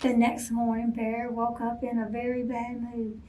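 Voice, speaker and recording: A woman, a children's librarian, reading a picture book aloud at bedtime, gentle and expressive, asking the kids questions. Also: fairly high pitch, unhurried. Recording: voice from a distance off mic.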